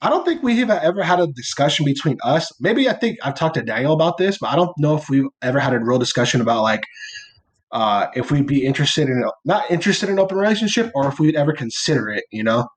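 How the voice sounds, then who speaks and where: A man's voice: on the high side, sing-song, fast talker. A young man co-hosting a podcast, telling a story in a loose, rambling way, leaning on filler words and casual swearing. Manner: rambling storytelling, heavy use of "like" and "or whatever"; laid-back and playful, swearing casually. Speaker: podcast co-host. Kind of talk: casual chat.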